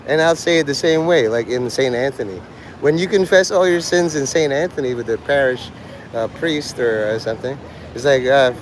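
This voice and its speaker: A man's voice: medium pitch, moderate pace, a little hiss or hum, low-quality recording. A man livestreaming outdoors on a city street, rambling crudely and joking provocatively.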